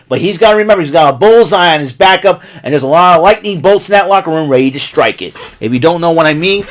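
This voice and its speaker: An American man hosting his own vlog, giving an excitable, rambling recap full of asides and restarts. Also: a little high. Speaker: vlog host recapping wrestling.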